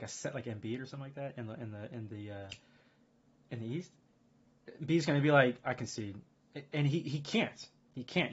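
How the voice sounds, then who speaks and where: Fast-talking, rambling male streamer. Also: medium pitch, breathy edge. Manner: rambling, excitable, lots of fillers and restarts. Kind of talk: casual chat to a live stream. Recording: dull lo-fi stream audio.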